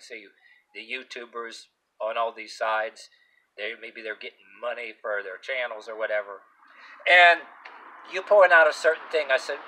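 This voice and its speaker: A man's voice: medium pitch, bright, forceful tone, slight background noise, low-quality recording. A man in a casual opinion rant outdoors, rambling and swearing with many restarts and fillers. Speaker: vlogger. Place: outdoors near a street with passing cars.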